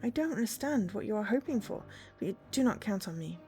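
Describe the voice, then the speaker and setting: This is a defiant young noblewoman who sounds shrill and accusing, read by a woman. The voice sits higher than the reader's own. A faint bit of music plays underneath. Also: animated, fairly quick, warm tone, close to an everyday voice. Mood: indignant. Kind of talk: reading a visual novel aloud on stream.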